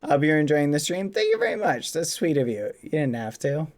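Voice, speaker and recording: A man's voice: on the high side, wildly swooping pitch, a little fast, vocal fry. A man streaming live, reading viewer stories aloud with frequent giggles and swapping swears for silly words.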